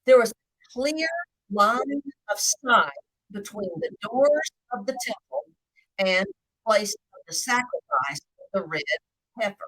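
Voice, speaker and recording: Slow, expressive woman Bible teacher. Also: a little high, dry recording, rough recording. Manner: slow, deliberate, lively intonation. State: hiccuping. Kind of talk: live video Bible teaching.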